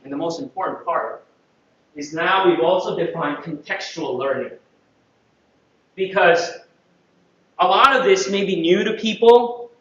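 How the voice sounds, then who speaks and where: A man from the Philippines with a high, slightly bright voice gives a playful talk in a large conference room, often checking that the audience is following him and acting out quotes. The room is echoey, and the mic sounds distant and dull.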